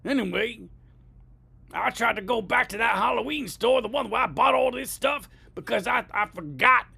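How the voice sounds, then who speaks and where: A man's voice: extremely high pitch, moderate pace, creaky, sharp tone, husky. A man ranting with mock indignation on a comedy podcast, rambling and getting worked up. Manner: indignant, rambling, escalating complaints. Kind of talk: improvised comedy rant.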